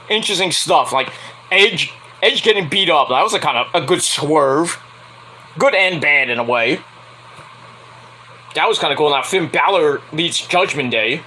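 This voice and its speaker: A young man talks through a wrestling show in a loose, rambling review, laughing and slipping into shrill impressions. His voice sits a little high and swings lively, with a bright, sharp edge. A faint hiss of noise runs under it. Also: low-quality recording. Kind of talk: casual solo review vlog.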